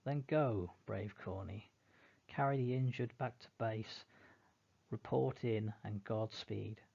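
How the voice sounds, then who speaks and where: A man's voice: lowish voice, takes it slowly, vocal fry, a little mellow, breathy edge, dull audio, full character voice. A man voicing a pompous, bossy elder brother who plays at giving military commands. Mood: commanding.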